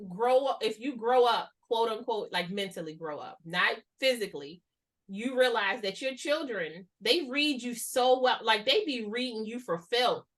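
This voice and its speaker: A woman hosts a relaxed talk, her voice bright and forceful. She speaks slightly higher than most, slangy and animated, and slips into playful voices when she quotes people. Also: normal speed. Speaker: host. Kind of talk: casual conversation.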